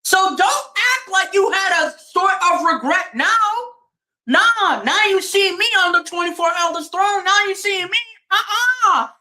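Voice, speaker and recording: A woman's voice: very high voice, lively intonation, measured pace, pushed and bright. A woman streaming a fired-up religious rant. She preaches, mocks, laughs and swears a lot.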